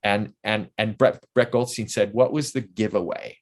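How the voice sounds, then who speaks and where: A man's voice: fairly low pitch, normal speed. Enthusiastic older man telling rambling anecdotes. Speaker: interview guest. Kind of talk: casual interview storytelling.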